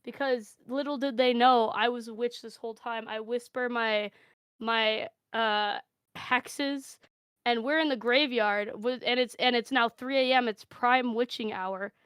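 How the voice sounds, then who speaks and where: A woman spins an improvised comic story, deadpan and gleefully profane. Her voice sits a little high and sounds smooth and clear. The sound is dry and close, with no room echo. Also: normal speed.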